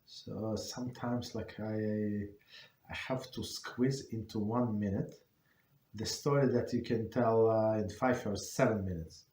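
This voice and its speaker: Man teaching, halting, in an echoey room. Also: lowish voice, steady tone, darkish tone, slight background noise. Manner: halting, many fillers and restarts. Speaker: rabbi teaching a class. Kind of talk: informal Torah class.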